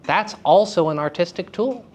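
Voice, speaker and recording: Woman acting teacher, low-ish voice, animated lecture with laughs, faint noise behind her. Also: moderate pace. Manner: lively, theatrical, laughs often, asks students questions. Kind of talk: live lecture to students. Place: school theater festival session.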